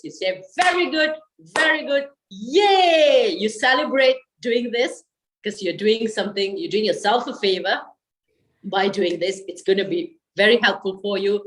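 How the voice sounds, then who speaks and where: A woman's voice: mid-range voice, moderate pace, fairly bright tone, rough recording. A woman leading a guided laughter yoga session over a video call, coaxing and encouraging her listeners.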